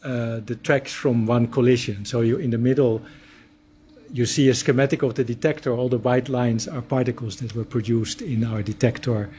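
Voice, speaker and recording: Measured man explaining physics. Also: medium pitch, steady tone, warm tone. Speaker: particle physicist.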